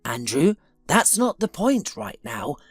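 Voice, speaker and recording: A woman's voice: low-pitched, big pitch swings, slow pace, breathy edge, dry recording, clean studio sound, faint music behind, full character voice. A woman voicing an elderly wealthy father who speaks in an insistent, scolding way.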